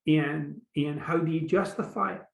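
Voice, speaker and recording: A man's voice: a little high, fairly even intonation, moderate pace, creaky, echoey room, poor audio. A man with a Scottish accent, a guest author talking casually and animatedly, acting out little quotes as he goes. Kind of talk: casual conversation.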